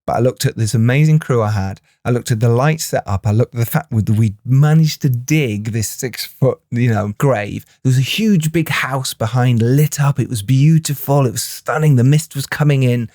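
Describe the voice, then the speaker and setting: Lively man telling film stories. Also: medium pitch, normal speed, few pauses, no echo, clean studio sound. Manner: animated storyteller, laughs often, restarts phrases. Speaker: podcast co-host and film director. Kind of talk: casual podcast chat.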